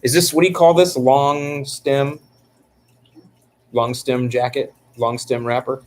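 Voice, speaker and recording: A man's voice: mid-range voice, steady tone, slow pace, slight background noise. A middle-aged man hosting a casual live-stream chat about lawn care, joking and rambling with frequent restarts. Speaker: lawn care channel host.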